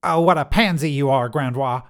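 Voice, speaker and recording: A man's voice: medium pitch, normal speed, fairly bright tone, clear, resonant tone, close to an everyday voice. A man voicing a smug, teasing male wizard who was turned into a table, speaking in a snide way.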